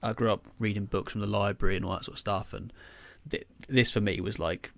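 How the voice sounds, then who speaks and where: A man's voice: fairly low pitch, fairly even intonation, brisk, vocal fry, fairly bright tone, dry recording. A young man co-hosting a podcast, telling stories in a rambling, casual way full of fillers and swearing. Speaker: podcast co-host. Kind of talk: casual chat.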